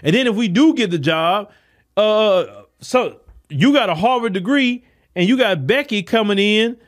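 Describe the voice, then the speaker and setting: Emphatic man with a higher voice, preaching. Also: lively intonation, unhurried. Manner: preachy, emphatic, rhetorical questions to listeners. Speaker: podcast host. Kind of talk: impassioned solo commentary.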